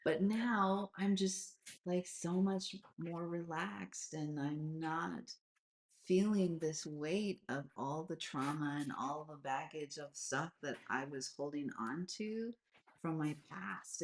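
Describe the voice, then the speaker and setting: A woman in her forties talks candidly on a live video call, her voice sitting low. She rambles along with plenty of filler words and drifts from one thought to the next in a loose, chatty way. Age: 40s. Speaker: host of a live astrology session. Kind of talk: casual live-stream chat.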